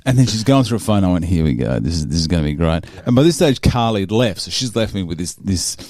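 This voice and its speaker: Low-voiced Australian podcast host. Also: male voice, big pitch swings, quick pace, darkish tone, no room sound, studio quality. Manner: rambling storyteller with many restarts. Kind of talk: casual chat.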